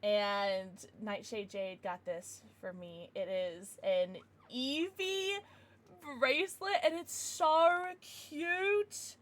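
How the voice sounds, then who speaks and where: A woman's voice: medium pitch, drawn-out words. A young woman streaming casually from home, gushing over gifts and baby-talking to her dogs between chats with viewers. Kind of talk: casual livestream chat.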